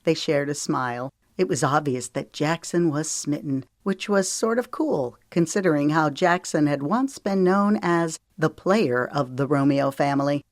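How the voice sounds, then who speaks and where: A woman narrating an audiobook in a calm, measured storytelling manner. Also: sits low, no room sound, clean studio sound. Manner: calm, measured storytelling with lifted voices for dialogue. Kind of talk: scripted narration.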